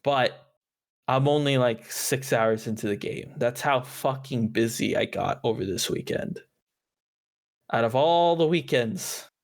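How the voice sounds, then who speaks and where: A man co-hosting a podcast in casual chat, animated and joking, swearing casually. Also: mid-range voice, a little slow. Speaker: podcast co-host.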